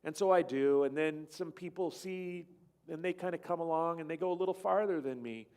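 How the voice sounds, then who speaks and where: A man with a slightly high voice tells a travel story to a church gathering over slides. He rambles from point to point and slips into the voices of the people he quotes. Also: a little fast, darkish tone, clear, resonant tone. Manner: rambling, acts out quoted dialogue. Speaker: church speaker.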